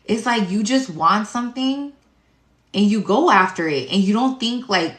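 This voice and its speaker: A woman's voice: mid-range voice, animated, normal speed, fairly bright tone. A woman tarot reader talking in a casual, rambling spiritual monologue, blunt and full of cursing and fillers. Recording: echoey room.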